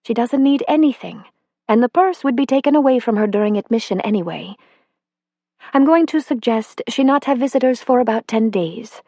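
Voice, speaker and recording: A woman reading an audiobook puts on a kind female doctor with a slight accent, set a little higher than a plain reading voice. She speaks in a gentle, measured, reassuring way. The sound is close and dry, with no room around it. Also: lively intonation, no room sound. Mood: calm reassuring.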